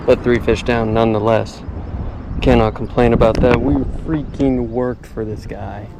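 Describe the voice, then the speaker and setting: A man's voice: mid-range voice, steady tone, measured pace. Chatty man filming a fishing vlog. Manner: chatty, talks straight to viewers, says y'all often. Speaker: fishing vlogger. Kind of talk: casual on-camera fishing vlog. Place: outdoors on a boat on a lake. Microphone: action camera on the boat. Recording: outdoor boat noise. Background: boat and water ambience.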